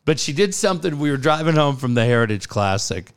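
A man co-hosting a casual chat, telling stories with lively jokes. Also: quick pace, clear, resonant tone. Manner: animated storyteller, jumps high in pitch when joking. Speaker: co-host.

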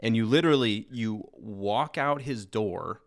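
Chill guy in his 30s rambling on a podcast, lowish voice, like, like. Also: unhurried, gravelly, dry recording, clean studio sound. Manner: laid-back, rambling with many "like"s. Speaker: podcast guest. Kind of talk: casual chat.

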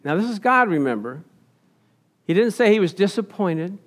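A man with a high voice preaches a sermon from slides, animated and quick to laugh. He keeps asking his congregation questions and answering them himself. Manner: laughs often. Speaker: pastor.

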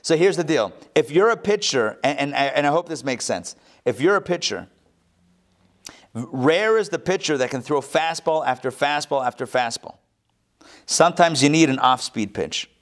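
A rabbi giving a live Torah class, animated, with joking asides and quick self-corrections. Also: male voice, fairly high pitch.

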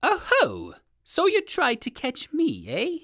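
A man's voice: very high-pitched, wildly swooping pitch, slow pace, pitched above the performer's own voice, heavily acted. Man doing a mocking, savage alligator. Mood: taunting. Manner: taunting, shouting threats. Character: big savage male alligator, menacing and mocking. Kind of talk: storybook reading.

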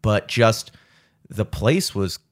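Lowish man, wry podcast co-host. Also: lively intonation, slow. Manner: reactive, wry asides. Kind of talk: casual chat.

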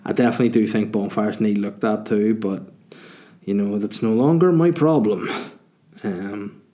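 A man's voice: fairly low pitch, normal speed, mellow. A young man hosting a casual solo podcast, rambling and swearing freely. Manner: rambling, chatty, swears freely, laughs easily. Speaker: podcast host.

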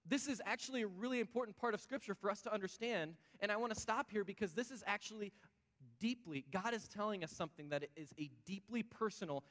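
A male pastor preaches with a slightly raised pitch, talking with the congregation and asking them questions. His voice rings out in a hall with long reverb. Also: fast talker, fairly bright tone. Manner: conversational, asks the audience questions. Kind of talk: sermon.

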